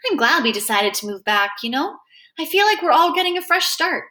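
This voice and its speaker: A woman doing a soft-spoken, apologetic mom. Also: sits high, expressive, brisk, voice pushed up. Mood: gentle. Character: kind, slightly awkward adult mother.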